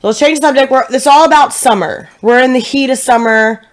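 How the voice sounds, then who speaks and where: A Tennessee woman in her twenties co-hosts a casual podcast, chatting playfully and laughing often. She talks fairly quickly in a high voice.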